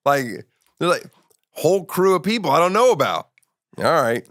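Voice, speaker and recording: Brief: forties male comic host, loose profane storyteller, middle pitch, dry close mic. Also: sing-song, moderate pace, fairly bright tone, no room sound. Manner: rambling, profane storytelling with restarts. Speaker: podcast host. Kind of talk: casual comedic chat.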